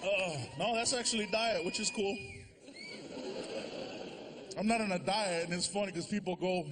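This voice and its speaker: A man doing stand-up comedy on a large theater stage, animated, switching quickly into character voices. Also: sits high, background noise. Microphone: stage microphone.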